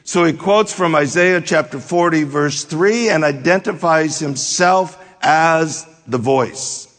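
A man preaching a verse-by-verse sermon, teaching deliberately and letting his voice fall low at the ends of phrases. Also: a bit bright. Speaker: pastor. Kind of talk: expository sermon. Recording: long hall reverb.

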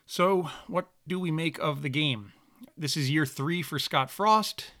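A man's voice: on the high side, measured pace, fairly bright tone, no echo, clean studio sound. A man hosting a podcast, reading an ad in a rambling, jokey way, correcting himself as he goes. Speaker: podcast host. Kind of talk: casual podcast ad read.

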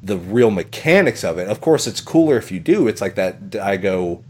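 A man's voice: fairly low pitch, big pitch swings, normal speed, a little mellow, husky. A man hosting a podcast, talking in a rambling casual way, with plenty of swearing, fillers and laughter. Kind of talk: casual chat.

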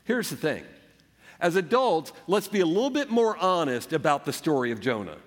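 A man's voice: fairly high pitch, very animated, normal speed. A man preaching a sermon as a pastor, earnest and conversational, acting out the quotes. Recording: echoey hall.

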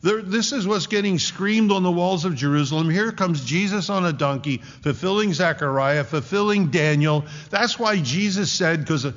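A man's voice: high voice, moderate pace, few pauses, a bit bright, long reverb tail, muffled recording. A man preaching a sermon in an earnest, conversational way, with frequent asides.

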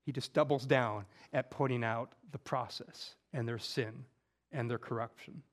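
A man preaching a conversational sermon, acting out scripture quotes and moving between loud emphasis and hushed, intimate moments. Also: medium pitch, steady tone, unhurried. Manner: conversational, with casual slang.

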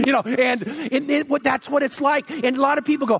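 A man preaching a sermon as a pastor, telling stories with lively acted-out quotes. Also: extremely high pitch, moderate pace, breathy edge. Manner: animated storytelling, acts out quotes. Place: church sanctuary. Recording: long hall reverb.

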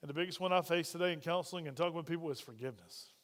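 Pastor guy with a high voice, chatty sermon, keeps asking the crowd stuff, long church echo. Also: rapid-fire. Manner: asks the congregation frequent questions. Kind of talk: conversational sermon. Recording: long reverb of a church hall.

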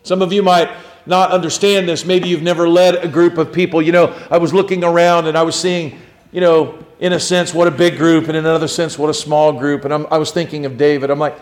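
A middle-aged man preaching a sermon as pastor, swinging between loud emphatic lines and quiet, low ones. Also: flat delivery, a little fast.

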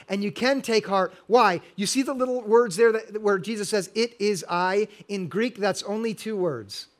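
A man's voice: high voice, a bit bright. A middle-aged male pastor preaching a sermon, earnest and building to emphatic exhortation.

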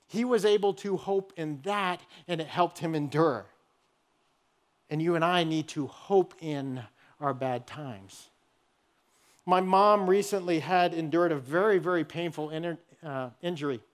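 High-voiced man preaching a sermon. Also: a little slow. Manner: earnest, storytelling preacher. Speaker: pastor.

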